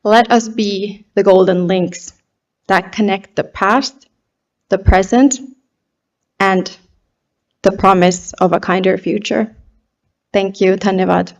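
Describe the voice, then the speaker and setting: A woman from Finland, a pageant contestant, giving a deliberate, heartfelt prepared speech full of rhetorical questions. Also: mid-range voice, fairly even intonation, dull audio.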